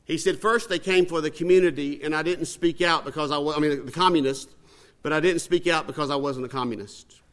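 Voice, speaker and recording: A man's voice: fairly high pitch, a little fast, fairly bright tone. A man giving a storytelling sermon, folksy and conversational, acting out the dialogue. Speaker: speaker at a religious gathering.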